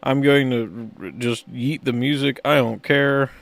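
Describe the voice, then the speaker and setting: A man hosting a gaming livestream talks in casual stream chat with a mid-range, gravelly voice, a steady tone and a slightly slow pace. Goofy and rambling, he's a little out of breath as he greets his viewers again and again.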